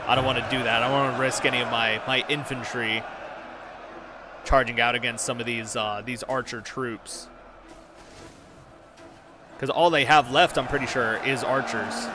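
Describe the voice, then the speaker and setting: A man giving excited, casual commentary on a battle while streaming a game. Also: medium pitch, normal speed, long pauses, noisy background. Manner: excited, swears, lots of fillers. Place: home room.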